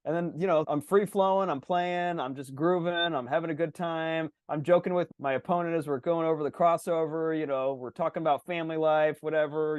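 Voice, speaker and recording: A man with a fairly high voice hosts a casual chat, rambling through an animated story with plenty of restarts. He swears freely, and the sound is dry with no room around it. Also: a little fast, no room sound. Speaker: podcast host.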